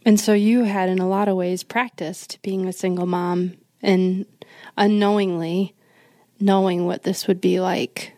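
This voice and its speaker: A woman interviewing a guest in a calm, reflective way. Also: lowish voice, unhurried, no echo, studio quality.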